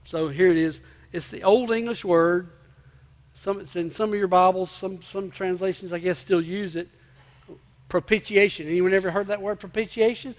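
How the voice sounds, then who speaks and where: Male pastor, emphatic sermon, high voice, repeats himself for weight, long church reverb. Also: moderate pace. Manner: emphatic, repeats key phrases, asks the congregation rhetorical questions. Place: church sanctuary before a congregation.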